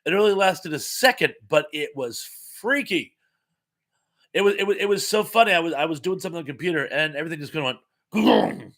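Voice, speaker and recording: A man's voice: fairly high pitch, expressive, fast talker, a bit bright. A middle-aged man hosting a casual live chat from home, a rambling storyteller who repeats words and restarts. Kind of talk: casual live-stream chat reading viewer comments.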